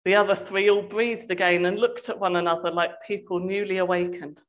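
A woman reading a novel aloud in a measured, expressive storytelling voice. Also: medium pitch, muffled recording. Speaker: reader.

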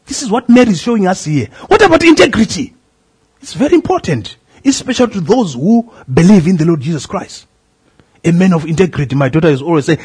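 Husky-voiced man preaching with swooping pitch. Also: sing-song, fast, darkish tone. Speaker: pastor. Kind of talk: sermon.

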